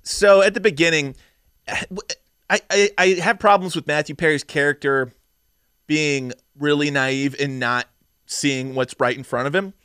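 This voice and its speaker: A man co-hosting a casual movie review chat, opinionated and swearing freely, acting out characters in quick bits. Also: fairly high pitch, fairly even intonation, a bit bright, clear, resonant tone, dry recording, studio quality. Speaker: podcast co-host.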